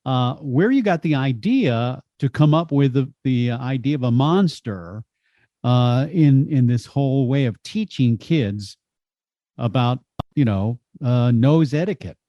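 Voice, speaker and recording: A man hosting an interview in a relaxed, casual way, with plenty of fillers and short agreeing remarks. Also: mid-range voice, unhurried. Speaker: radio interview host. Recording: dull, dry, lo-fi sound.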